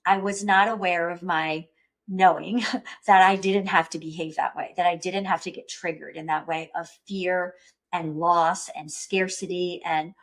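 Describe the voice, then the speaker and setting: A woman's voice: on the low side, steady tone, a little slow. A woman hosting a podcast, talking earnestly and reflectively in a personal monologue. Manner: earnest, self-reflective, acts out panicked inner voice. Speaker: podcast host.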